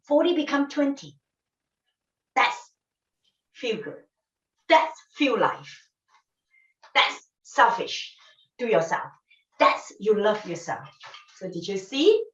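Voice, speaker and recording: A woman's voice: sits high, a bit bright. A woman teaching flower arranging in a casual demonstration, talking emphatically and repeating her phrases in non-standard English. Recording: echoey room, distant mic, dull sound.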